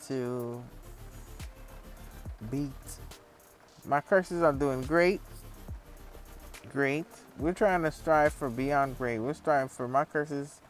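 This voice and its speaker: A vlogger talking in a casual, rambling monologue, swearing a lot and full of fillers, acting out other people when telling stories. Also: medium pitch. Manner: profane, rambling, frequent fillers; lively storyteller acting out others.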